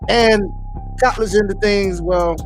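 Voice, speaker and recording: A man's voice: sits high, steady tone, measured pace, faint music behind. A man co-hosting a sports podcast, talking football in a brash, playful way. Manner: brash, playful trash talk. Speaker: podcast co-host. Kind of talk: casual sports talk.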